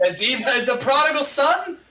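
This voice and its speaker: Man, casual game commentary, joking banter, high pitch. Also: expressive, brisk, bright, forceful tone, a little hiss or hum, low-quality recording. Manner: playful, laughing, joking banter. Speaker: co-host.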